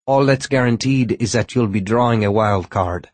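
A man voicing an alien doctor who explains things in a measured, regretful way. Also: lowish voice, no room sound, natural voice. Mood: grave explaining. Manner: measured, explanatory, gently apologetic. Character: alien doctor, older male, careful and regretful.

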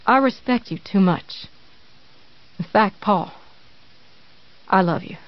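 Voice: mid-range voice, slow pace, lightly acted. A narrator reading an audiobook and voicing an obsessive, unstable woman caretaker with an earnest, cloying, prim manner. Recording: dry, slightly dull recording.

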